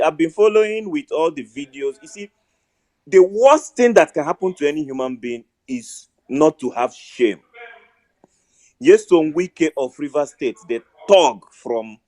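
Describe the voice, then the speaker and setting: A man's voice: a little high, darkish tone, no echo. A man with a Nigerian accent giving impassioned political commentary, emphatic and repeating phrases for force. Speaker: speaker in a political discussion.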